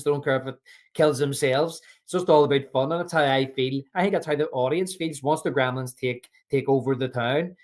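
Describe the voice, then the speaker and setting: A man co-hosting a film podcast, chatting casually and retelling scenes with frequent restarts. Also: medium pitch. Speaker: podcast co-host.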